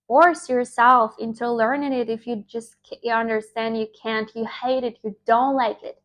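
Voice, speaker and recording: Young woman, native Russian speaker, English teacher; informal, emphatic lecture; voice sits a bit high. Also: normal speed, few pauses. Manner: emphatic, animated, with filler words and restarts.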